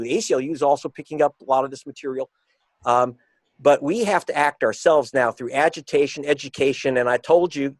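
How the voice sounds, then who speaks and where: Man, author guest, emphatic and combative, slows down to stress points, dry sound. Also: medium pitch, no echo. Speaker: author and investigative reporter. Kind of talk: interview guest.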